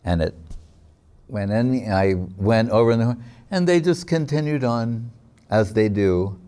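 Mellow-voiced man giving a devotional talk. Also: mid-range voice, animated, clear, resonant tone. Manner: reflective storytelling, halting with fillers. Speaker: spiritual teacher. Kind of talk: devotional discourse.

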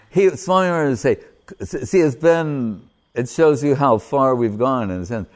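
A man's voice: mid-range voice, lively intonation, unhurried. Rambling man giving a spiritual talk. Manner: rambling, self-interrupting, chuckling. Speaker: spiritual teacher. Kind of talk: informal religious talk.

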